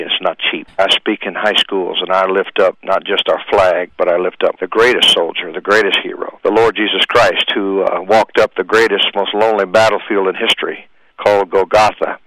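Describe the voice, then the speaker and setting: A man's voice: low voice, bright, forceful tone, no room sound, poor audio. A man reciting a patriotic poem and speaking with dramatic, preacherly delivery about faith and history. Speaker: speaker at high schools. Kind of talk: impassioned recitation and speech.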